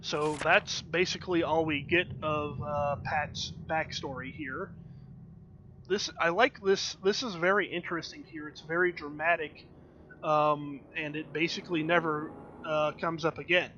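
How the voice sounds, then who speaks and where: Guy streaming a game, kinda high bright voice, lots of uhs, dry jokey chat. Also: steady tone, a little slow, muffled recording, a little hiss or hum. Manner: wry and chatty, many ums and uhs. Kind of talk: let's play commentary.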